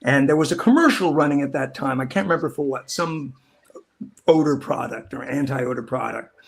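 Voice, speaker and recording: A middle-aged actor telling stories in a casual interview, rambling and acting out quoted lines in different voices. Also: male voice, mid-range voice, brisk, vocal fry. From Southern California. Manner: rambling, animated, acts out quotes. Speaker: actor guest.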